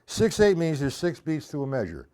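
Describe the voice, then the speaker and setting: A man's voice: fairly high pitch, wildly swooping pitch, normal speed, warm tone. A man teaching drum rudiments on a live stream, counting beats aloud and chatting with viewers in the chat.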